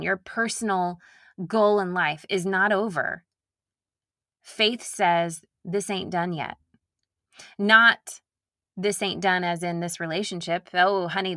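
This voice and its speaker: A woman's voice: on the low side, fairly bright tone, no room sound, clean studio sound. A woman from Nashville talking candidly and earnestly to her listeners in a casual, reflective monologue. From Nashville, Tennessee. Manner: slips into mocking impressions of herself.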